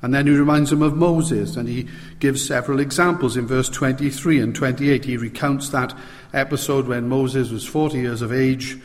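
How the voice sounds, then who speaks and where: A man giving an expository sermon, reading scripture aloud slowly and with heavy stress on key words. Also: mid-range voice, fairly even intonation. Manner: reads scripture aloud with slow, emphatic stress. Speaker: preacher. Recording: long hall reverb.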